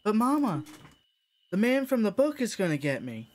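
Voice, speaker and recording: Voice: big pitch swings, normal speed, darkish tone. A streamer putting on the voice of a small, frightened little boy who pleads with his mother. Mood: scared pleading. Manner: squeaky, pleading.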